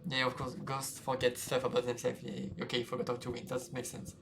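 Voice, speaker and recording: A man's voice: medium pitch, monotone, brisk, creaky, hardly any pauses. A man streaming a game, reading the story aloud with reactions along the way, with game music behind. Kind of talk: reading a visual novel aloud with commentary.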